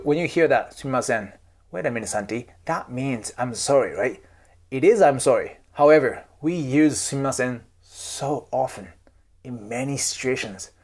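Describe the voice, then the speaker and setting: Speaking to camera as a cultural coach and YouTube host, a Japanese-accented man with a darkish tone and medium pitch gives easygoing, emphatic advice. He keeps checking in with "okay?" and "right?".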